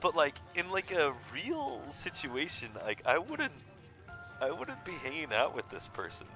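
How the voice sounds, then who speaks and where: A man's voice: a little high, huge pitch swings, unhurried, over music. A young man reading a story game aloud and joking about his choices, in a goofy, self-mocking way. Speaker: let's play host.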